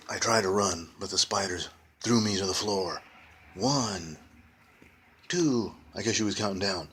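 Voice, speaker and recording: A man's voice: sits low, a little slow, long pauses, fairly bright tone, slight background noise. A man reading a children's ghost story aloud, adding playful casual asides. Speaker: reader of a children's book.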